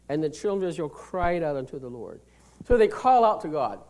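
A high-pitched male preacher works through a scripture passage, reading the old verses slowly and then explaining them in plain words. He swings from loud, emphatic lines down to hushed near-whispers. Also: big pitch swings. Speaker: pastor. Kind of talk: sermon.

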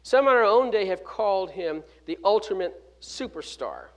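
A man preaching a sermon, stressing key words and dropping from loud to hushed, with restarts and 'uh' fillers. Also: high-pitched, expressive, moderate pace. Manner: emphatic preaching with sharp swings from loud to hushed; fills gaps with 'uh' and restarts words mid-phrase. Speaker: pastor.

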